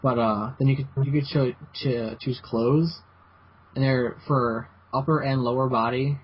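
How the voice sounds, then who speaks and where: A man in a casual gaming podcast chat, talking in a rambling, halting way with lots of restarts. His voice sits mid-pitch. The recording is dull and lo-fi, with a faint hiss underneath. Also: steady tone. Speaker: podcast host.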